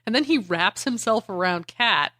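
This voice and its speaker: Woman podcast cohost, bright sharp voice, dry close sound, rambling recap full of "like" and cussing. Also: mid-range voice, moderate pace, no echo. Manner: animated retelling with lots of "like" and swearing. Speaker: podcast co-host. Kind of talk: casual chat recapping a comic.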